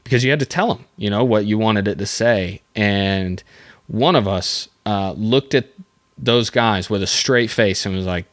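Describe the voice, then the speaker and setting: A young man with a fairly low voice talks through a casual solo podcast episode, halting and restarting often as he rambles. He chuckles at his own stories now and then. The sound is dry and close, with no room around it. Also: a bit bright, dry recording. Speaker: podcast host.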